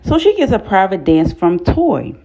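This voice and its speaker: A woman giving a casual, blunt, profane recap of a TV episode, talking in an animated way. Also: medium pitch, moderate pace, muffled recording. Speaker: TV recap vlogger.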